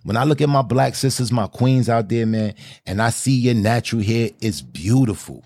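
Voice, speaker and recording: A young man hosting an interview in casual, animated, slang-filled chat, speaking with emphasis. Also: mid-range voice, normal speed, no echo, studio quality. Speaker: podcast host.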